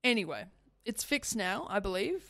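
Aussie lady hosting a radio chat, middle pitch, super dry studio mic, kinda rambly. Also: sing-song, moderate pace, fairly bright tone, dry recording. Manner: chatty, rambling, self-interrupting. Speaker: radio host.

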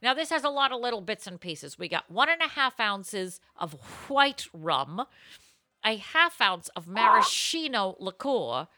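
Bright-voiced joking woman host. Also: mid-range voice, sing-song, unhurried, no room sound, studio quality. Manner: playful, wisecracking, swears casually. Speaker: podcast host. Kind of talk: casual chat, cocktail tasting. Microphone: video call.

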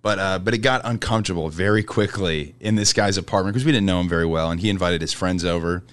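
A man's voice: sits low, quick pace, fairly bright tone, dry recording. A young man, a guest comedian, telling a funny story in casual podcast chat, laughing often as he goes.

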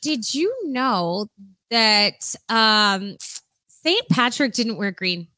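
Bright, giggly woman chatting casually. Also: mid-range voice, expressive, drawn-out words, no room sound. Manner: playful, giggly, teasing. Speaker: podcast co-host. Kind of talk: casual chat.

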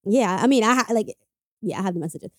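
A woman's voice: medium pitch, lively intonation, fast talker, dry recording, studio quality. A young woman telling a story in a casual podcast conversation, acting out quoted dialogue and swearing freely. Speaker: guest telling how she met her partner.

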